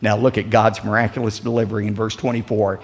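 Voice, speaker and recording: A pastor delivering a sermon with dramatic swings in loudness and emphasis. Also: male voice, flat delivery, fast talker, gravelly, in a large hall. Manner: dramatic preaching with big swings in pitch and volume.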